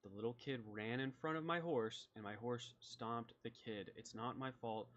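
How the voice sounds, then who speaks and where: A man's voice: mid-range voice, normal speed, a bit bright, natural voice. Subdued, defensive condemned man, a man doing the voice, lo-fi recording. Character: condemned man pleading his innocence.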